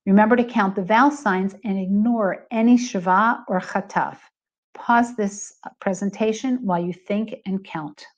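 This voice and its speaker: A middle-aged woman speaks at a middle pitch as she narrates a recorded lesson. She explains patiently and clearly, slowing to stress each example. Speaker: Hebrew teacher.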